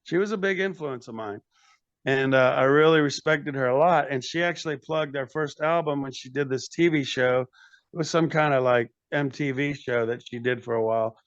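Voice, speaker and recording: A man's voice: mid-range voice, moderate pace, dry recording, muffled recording. An older man, a metal band frontman and podcast guest, telling long rambling stories in casual chat, often acting out what others said. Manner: rambling anecdotes with acted quotes and restarts.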